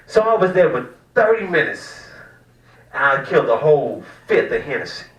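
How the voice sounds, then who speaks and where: A man from the American South doing a loud, profane, rambling stand-up set in a small cafe comedy room. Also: on the high side, very animated, normal speed. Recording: echoey room, mic at a distance.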